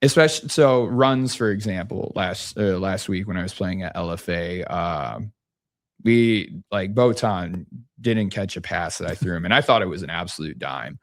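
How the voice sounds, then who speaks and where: Very deep-voiced laid-back young man. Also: normal speed, no room sound, studio quality. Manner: laid-back, rambling with many restarts. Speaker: basketball coach guest. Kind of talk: casual podcast chat.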